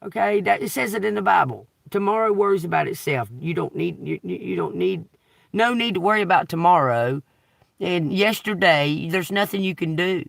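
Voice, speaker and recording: A man's voice: sits high, moderate pace, vocal fry, fairly bright tone, no room sound, studio quality. A man, reading scripture on a tarot livestream and riffing on it casually, asking "okay?" over and over. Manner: reads scripture then riffs casually, repeats "okay?" often; emphatic, swears and laughs while preaching. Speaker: tarot reader.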